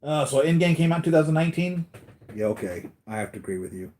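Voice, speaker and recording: A man's voice: a little high, sing-song, quick pace, dark tone. A man hosting a live stream about his collectibles, chatting casually in a rambling, enthusiastic fan manner with lots of fillers. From United States. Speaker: collectibles vlogger.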